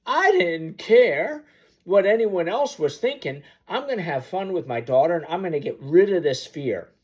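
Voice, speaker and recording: With a high, husky, somewhat mellow voice, a man speaks expressively at a moderate pace. He's a motivational storyteller telling a personal anecdote to the camera, using sound effects vividly to inspire.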